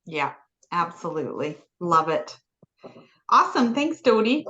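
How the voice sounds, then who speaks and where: A woman's voice: fairly low pitch, big pitch swings, measured pace, sharp tone, dull audio. A woman coach hosting a group video call, giving encouraging, upbeat affirmations.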